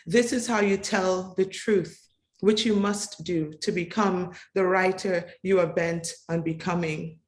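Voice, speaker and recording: A woman reads a tribute poem aloud in a slow, deliberate cadence, leaning into its repeated refrains like an incantation. Her voice sits a little low. The recording carries a noticeable room echo. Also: fairly even intonation. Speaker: poet reading a tribute. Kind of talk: slow, measured poetry reading. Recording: echoey room.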